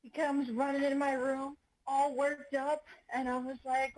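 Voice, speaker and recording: A woman at a tabletop game telling a lively, exasperated anecdote to her friends. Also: high-pitched, unhurried, rough recording. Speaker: player. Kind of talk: casual anecdote.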